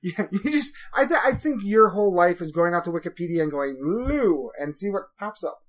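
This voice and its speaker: A man's voice: high-pitched, lively intonation, fairly quick. A man hosting a podcast in a casual, rambling way, telling stories with lots of fillers. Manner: rambling, chatty storytelling with frequent fillers. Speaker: podcast host.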